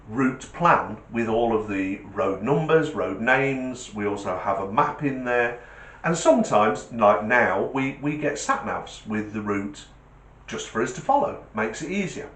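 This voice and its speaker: A middle-aged man telling a comic anecdote in an animated, self-mocking way. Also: fairly low pitch. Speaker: storyteller, test driver. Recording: roomy echo.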